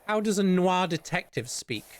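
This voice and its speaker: A man's voice: high voice, animated, normal speed, slight background noise. A British man streaming casual chat, rambling and swearing often between laughs.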